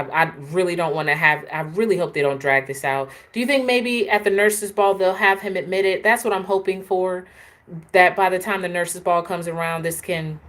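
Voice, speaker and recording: A woman hosting a casual, opinionated live chat, talking straight to her viewers. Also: on the low side. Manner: chatty, opinionated, answers viewers. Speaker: host.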